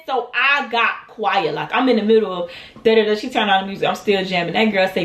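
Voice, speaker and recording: A young storytime vlogger tells a dramatic tale directly to her viewers, acting out what people said in an animated way. She speaks briskly at a medium pitch, with background noise and a roomy echo.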